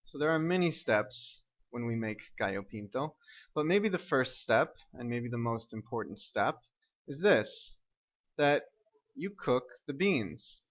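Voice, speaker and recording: A man's voice: mid-range voice, lively intonation, a little slow, a bit bright, muffled recording. A man teaching an English grammar lesson, explaining step by step and often checking with "right?" and "okay?".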